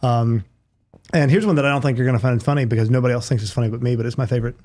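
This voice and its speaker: A man's voice: medium pitch, fairly even intonation, rapid-fire, warm tone. A man as a podcast guest in casual chat, rambling a little as he eagerly sets up a joke he loves. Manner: rambling storyteller, eager to tell a favorite joke.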